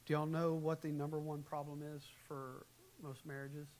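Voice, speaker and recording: A man preaching a sermon in a church, animated, shifting between quiet, calm advice and loud, acted-out quotes. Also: a little high, moderate pace, poor audio. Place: church sanctuary. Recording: faint hiss, live church recording.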